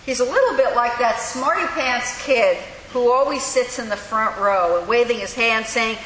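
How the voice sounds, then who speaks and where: A woman preaching a sermon in a church, telling the story with lively, acted-out voices. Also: a little high, moderate pace. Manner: animated storytelling, acting out voices. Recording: echoey hall with faint hiss.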